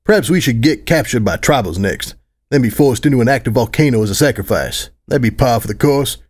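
A man's voice: mid-range voice, lively intonation, brisk, darkish tone, natural voice. A man voicing a cocky, sarcastic male pony soldier who smirks through his lines in a fan audiobook.

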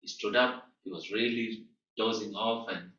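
A man teaching through a personal story, animated, with emphatic rises and soft drops. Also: on the low side, moderate pace. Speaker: guest teacher. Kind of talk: storytelling lecture. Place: teaching room at a training school. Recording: echoey room, far from mic, dull sound.

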